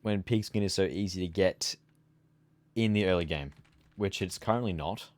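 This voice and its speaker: A man's voice: low voice, moderate pace, dry recording. A sleepy young man streaming a game, chatting casually and rambling as he trails off into mumbles. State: sleepy, yawning. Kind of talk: casual gameplay chat.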